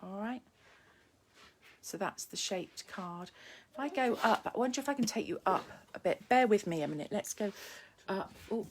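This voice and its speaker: A woman's voice: mid-range voice, expressive, normal speed, a little hiss or hum. Chatty woman demonstrating card-making live. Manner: chatty and self-mocking, greets viewers while working. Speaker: papercraft demonstrator.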